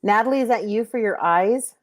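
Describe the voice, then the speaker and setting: A woman's voice: medium pitch, brisk, no room sound. Middle-aged woman, livestream host, rambling casual chat, dry close sound. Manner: chatty, meandering, full of fillers and restarts. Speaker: livestream host giving intuitive readings.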